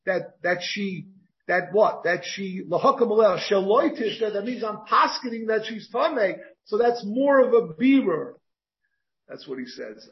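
A man with a fairly high voice leads a Talmud lecture as its rabbi. He reasons out loud, circling back with rhetorical questions. The recording is muffled and lo-fi. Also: expressive, unhurried. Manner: thinks aloud with repeated rhetorical questions. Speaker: rabbi teaching a Talmud class. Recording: dull lo-fi recording.

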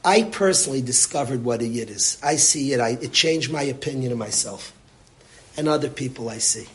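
A man's voice: medium pitch, brisk. A man delivering an inspirational religious talk, impassioned and repetitive, with Yiddish and Hebrew terms woven into his speech. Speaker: religious speaker. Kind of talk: inspirational sermon.

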